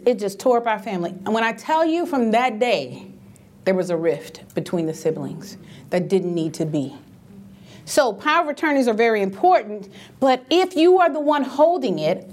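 A middle-aged woman telling stories about grief and end-of-life care, emphatic and acting out the voices she quotes. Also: high-pitched. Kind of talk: animated storytelling talk.

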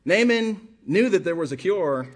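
A man's voice: high voice, lively intonation, normal speed. A male pastor preaching a sermon with passion, firing rhetorical questions and repeating phrases for emphasis.

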